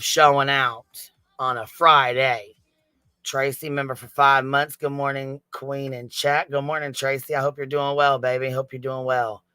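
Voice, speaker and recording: A man's voice: medium pitch, pushed and bright, clean tone, dry recording. A man giggly profane livestream host. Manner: profane, giggly, thanking chat members. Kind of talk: casual livestream chat.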